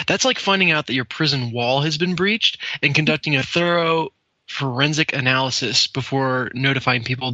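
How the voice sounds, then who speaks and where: Man, podcast co-host, very bright sharp voice, wry, reading notes, dry sound. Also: mid-range voice, no room sound, muffled recording. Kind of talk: casual chat and reading news items.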